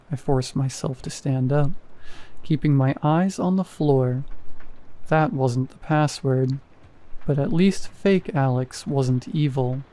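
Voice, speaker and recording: A man narrating a first-person horror story in a measured, even way. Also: a little high.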